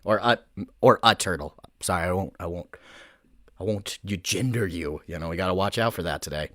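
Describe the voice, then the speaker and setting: A man's voice: lowish voice, moderate pace, a bit bright, no room sound. A young man hosting a casual advice livestream from a makeshift home studio, joking around and rambling, often correcting himself. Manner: playful, rambling, self-correcting jokey talk. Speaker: host of an advice show.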